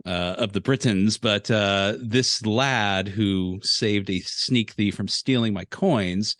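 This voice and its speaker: A man's voice: lowish voice, slow, a bit bright, dry recording, studio quality. A man speaking earnestly as a tabletop game player, hesitant with fillers. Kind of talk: in-game discussion of a character.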